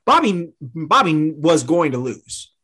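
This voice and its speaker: Excitable higher-voiced man on a podcast. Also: breathy edge. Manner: excitable, quick to jump in and push back. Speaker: podcast co-host. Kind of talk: casual wrestling podcast chat.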